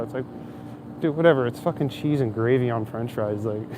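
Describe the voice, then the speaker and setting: A man's voice: mid-range voice, brisk. Chatty man streaming while walking outdoors. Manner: chatty, swears casually, laughs often. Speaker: livestreamer. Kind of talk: casual walking livestream chat. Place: city streets outdoors. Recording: faint city traffic noise outdoors.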